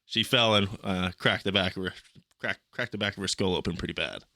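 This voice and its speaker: A man's voice: low voice, brisk, pushed and bright, dry recording. A young man telling travel stories on a podcast in a rambling, profane, casual way. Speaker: podcast guest.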